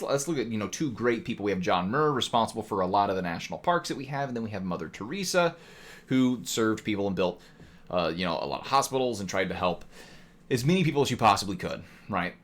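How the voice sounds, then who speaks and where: A man's voice: on the low side, sing-song, fast. A man casually explaining economics to a live chat, asking "right?" often and now and then slipping into mock voices. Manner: talkative, rhetorical "right?" tags, mock voices. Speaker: streamer teaching economics.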